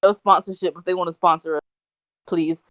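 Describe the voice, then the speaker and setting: A woman's voice: lowish voice, steady tone, brisk, no echo. A woman co-hosting a casual podcast over a video call, rambling with lots of fillers and laughing often. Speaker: podcast co-host.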